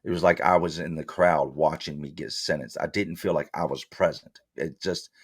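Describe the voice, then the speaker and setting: A man with a very low voice tells his story bluntly, using street slang and replaying old exchanges in his own words. The sound is close and dry, with no room echo at all. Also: fairly even intonation, moderate pace. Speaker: interview guest. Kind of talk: candid storytelling.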